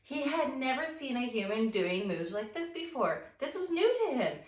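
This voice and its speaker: A woman's voice: sits high, normal speed, background noise. A woman telling a casual, rambling story while she leads a morning stretching routine as a fitness instructor. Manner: chatty and rambling, animated when acting out the story. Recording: roomy sound from a distance.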